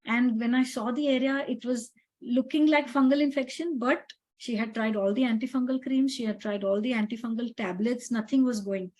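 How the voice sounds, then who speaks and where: A woman's voice: a little high, steady tone, moderate pace, a little mellow, low-quality recording. A middle-aged woman dermatologist telling stories about her patients in a chatty way, with many fillers and quoted dialogue. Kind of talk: casual storytelling about patients.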